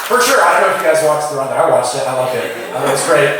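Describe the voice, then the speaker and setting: A young man performing a stand-up comedy set, riffing with the crowd in an animated way. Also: on the high side, racing, background noise. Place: comedy venue with a live audience. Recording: echoey room, mic heard from a distance.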